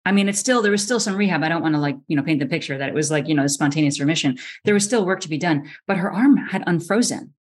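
A middle-aged woman physician, a podcast guest, telling a story with lively energy and acting out the voices she quotes, often restarting her sentences. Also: deep voice, quick pace, few pauses. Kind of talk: animated storytelling in a podcast interview.

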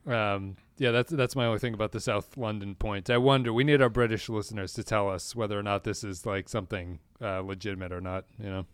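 A man's voice: lowish voice, steady tone, a little fast, hardly any pauses, smooth, dry recording. A man co-hosting a podcast, chatting casually and reading out a long list of supporter names. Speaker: podcast co-host. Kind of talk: casual chat.

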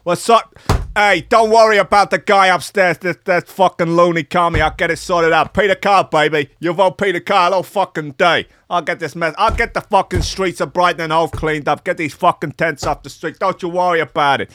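A man's voice: sits high, fairly even intonation, brisk, fairly bright tone, no room sound, pitched above the performer's own voice. A man putting on a brash, swaggering mobster-style politician who swears constantly.

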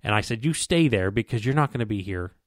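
A man's voice: lowish voice, animated, quick pace, dry recording, clean studio sound. A man casually telling a long hunting story, rambling and stumbling over repeated words while acting out what people said to him.

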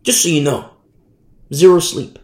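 A tired man preaching a sermon in a lively way, acting out the people he quotes. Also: on the high side, a little slow, reverberant. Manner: animated, mimics the people he quotes. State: tired from no sleep.

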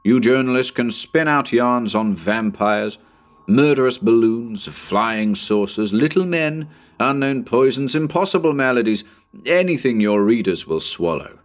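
A man's voice: mid-range voice, lively intonation, measured pace, lightly acted. A man voicing a gloomy young police detective who complains in an exasperated way.

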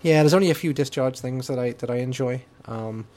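A man's voice: medium pitch, brisk, warm tone. An older man co-hosting a podcast, chatting casually and rambling with lots of fillers. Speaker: podcast co-host. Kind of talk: casual chat about music.

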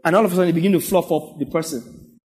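A man's voice: on the high side, rapid-fire, darkish tone, breathy edge. A man, preaching a sermon as pastor, repeating his points and checking in with the congregation. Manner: emphatic, repetitive exhortation with frequent "yeah?" to the congregation.

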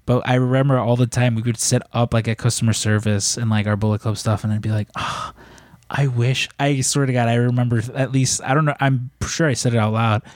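A man's voice: medium pitch, fairly even intonation, fast, few pauses, darkish tone, dry recording. A man casually telling rambling stories in a podcast chat, with plenty of swearing. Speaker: podcast co-host.

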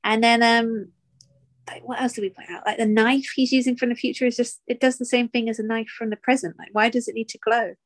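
A woman's voice: fairly high pitch, level tone, fairly quick, no echo. A woman co-hosting a podcast in giggly, chatty casual conversation. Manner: giggly, chatty, frequent laughter. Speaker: podcast co-host. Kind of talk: casual chat.

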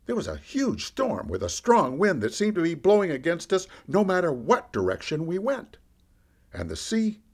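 A man with a slightly high voice, fully in character as a candid fisherman disciple, tells his own story in first person. He's a podcast storyteller, and his lively delivery rises and falls with the action.

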